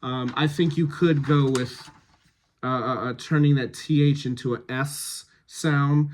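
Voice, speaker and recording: A man working as a dialect coach, reading rehearsal notes to a cast in a slow, measured way with frequent pauses. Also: mid-range voice, fairly even intonation.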